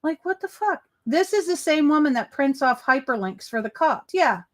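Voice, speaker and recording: A woman's voice: high-pitched, lively intonation, normal speed. A woman hosting a casual reaction commentary, chatting loosely, swearing freely and answering viewer comments. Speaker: commentary channel host.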